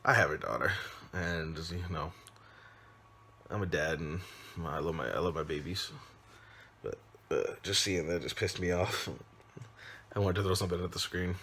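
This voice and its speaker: A man, a father, casually recapping a film, loose and rambling, with frequent pauses and restarts. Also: low voice, bright, forceful tone, slight background noise. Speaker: movie reviewer. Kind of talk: casual spoken movie recap.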